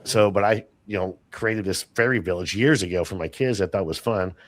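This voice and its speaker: Guy guesting on a podcast, kinda low voice, rambles through stories with lots of "you know", dry sound. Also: fairly quick, dry recording. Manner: rambling storyteller, many fillers. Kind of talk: casual interview chat.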